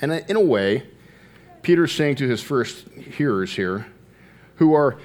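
A man preaching a sermon, earnest, slowing down to stress key phrases and rising in pitch as he tells a story. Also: expressive, a little mellow.

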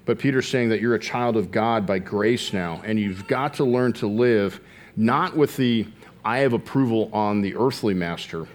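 Earnest low-voiced male preacher. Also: moderate pace. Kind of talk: sermon.

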